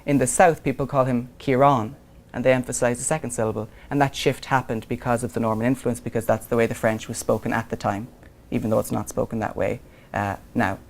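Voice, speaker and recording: A man's voice: mid-range voice, flat delivery, fast, gravelly, hardly any pauses, a little mellow. Man giving a casual lecture. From Ireland. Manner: conversational, thinks aloud with frequent ums. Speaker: visiting lecturer. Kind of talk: university lecture. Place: lecture room.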